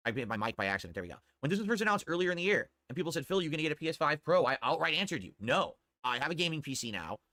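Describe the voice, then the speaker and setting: A man's voice: on the high side, sharp tone, no room sound, clean studio sound. A man streaming live, chatting casually and answering viewer tips in a rambling way that repeats itself. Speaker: livestreamer.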